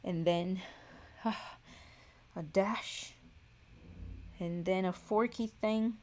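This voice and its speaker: Tired woman chatting slowly on a livestream. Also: medium pitch, steady tone, a little mellow. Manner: thinks aloud, self-mocking, sighs. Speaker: livestream host and singer. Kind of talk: casual livestream chat while drawing.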